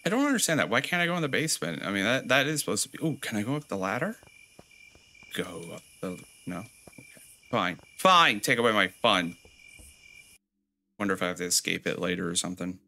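A gameplay commentator jokes sarcastically through a horror game, reading its notes aloud and playfully mocking it with sudden high squeals. He talks fast in an expressive, creaky voice with a sharp tone.

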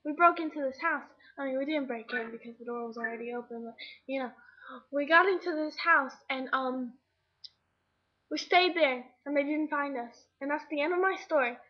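A high-pitched woman chats dramatically into her webcam at home, tossing in "like" constantly. Her voice comes through slightly muffled, as an old built-in webcam mic would record it. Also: moderate pace. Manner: chatty and dramatic, with lots of "like" fillers. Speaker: vlogger. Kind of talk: rambling storytelling to a webcam. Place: indoors at home.

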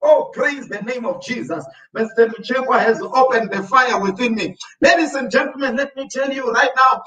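A South African man preaching a sermon as pastor, repeatedly addressing the congregation as ladies and gentlemen. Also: extremely high pitch, moderate pace, few pauses. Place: church. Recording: echoey church from far off.

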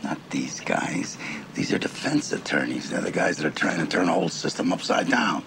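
An actor playing a gruff, stubborn older judge who grumbles and defends himself. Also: male voice, sits low, expressive, normal speed, noisy background, heavily acted. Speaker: judge being deposed.

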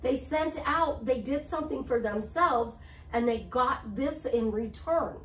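Female life coach, high voice, emphatic and repetitive, roomy distant recording with faint hiss. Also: unhurried, a bit bright. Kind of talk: motivational talk to camera.

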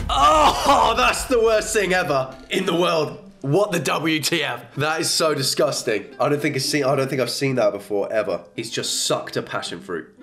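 Exasperated sweary guy reacting. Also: mid-range voice. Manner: exasperated, sweary, grossed-out outbursts. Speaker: reaction commentator. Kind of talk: comedic reaction commentary.

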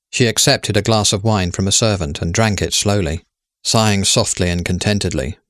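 A man narrating a story in a measured, steady way. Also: low-pitched, no room sound, studio quality.

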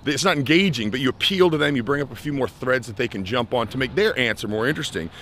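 A young man from the United States tells an advice story with lively energy. He slips into other people's voices when he quotes them. He talks at a middle pitch, in a casual coaching tone. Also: quick pace, a little hiss or hum. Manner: animated, acts out quoted voices. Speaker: life skills coach.

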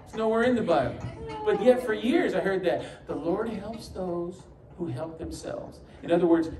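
This New York pastor preaches a sermon in a church sanctuary, telling stories, adding humorous asides, and acting out quoted voices. His voice is fairly high. The distant mic in the echoey church hall picks up faint ambience over a noisy background.

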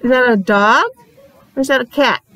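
A woman's voice: a little high, normal speed, rough recording. A woman teacher reading a picture book aloud to young children, stopping often to explain the story. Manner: animated storytelling, stops to explain to young listeners.

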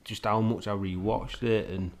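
Low-voiced laid-back man. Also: fairly even intonation, moderate pace. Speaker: podcast guest. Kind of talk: casual chat.

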